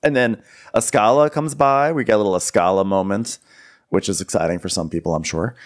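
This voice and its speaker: A man's voice: on the low side, brisk. A man co-hosting a podcast, wryly narrating a reality show recap in chatty casual talk. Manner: chatty, wry, storytelling. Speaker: podcast co-host.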